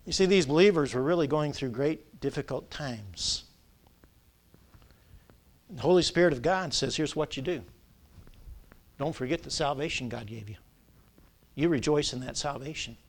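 High-voiced preacher, call-and-response. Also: male voice, lively intonation, normal speed, pauses often. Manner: preaching, emphatic, drawing out key words. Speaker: pastor. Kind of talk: sermon.

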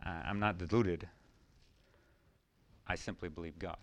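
A man preaching a sermon, swinging between loud emphatic questions and quiet, low storytelling. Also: steady tone, measured pace.

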